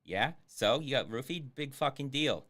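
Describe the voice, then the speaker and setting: Male streamer, sarcastic running commentary, lively swooping pitch, casual swearing. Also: moderate pace. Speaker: streamer reviewing a film.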